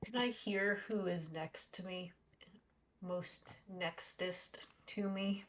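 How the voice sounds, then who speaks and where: A woman's voice: fairly low pitch, slow pace, distant mic. A woman playing a tabletop game, asking questions and thinking aloud with some hesitation. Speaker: player.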